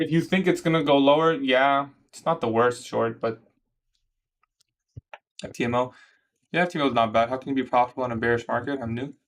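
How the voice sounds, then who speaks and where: A young Canadian man with a mid-range voice chats casually on a trading livestream, reading comments and answering viewer questions in a relaxed, slangy way.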